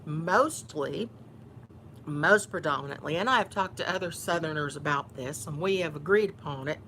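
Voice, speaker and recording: A woman's voice: low-pitched, moderate pace, fairly bright tone, a little hiss or hum. A woman from Houston with a Texan Southern accent, chatting casually while eating on camera, teasing and mock-bossy. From Houston, Texas. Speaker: YouTuber.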